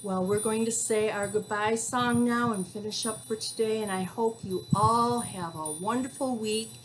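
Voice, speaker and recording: A woman hosting a program for young children, reading a picture book aloud in a sing-song, animated way and explaining words as she goes. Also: medium pitch, normal speed, slight background noise.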